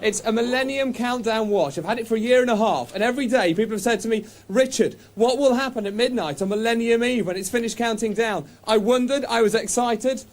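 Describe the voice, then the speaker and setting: A man presenting a live TV outside broadcast, joking and shouting over a party crowd. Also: very high voice, brisk, few pauses. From England. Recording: noisy crowded house party.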